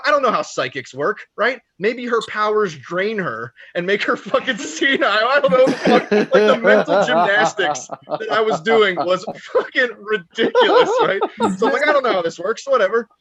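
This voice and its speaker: A man doing stand-up, telling a long story in a profane, animated way and laughing at his own lines. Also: high-pitched, lo-fi sound. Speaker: stand-up comedian.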